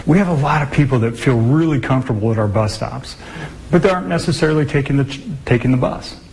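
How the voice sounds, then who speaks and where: Fast-talking man transit spokesman. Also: medium pitch, vocal fry, a little mellow, low-quality recording. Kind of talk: interview.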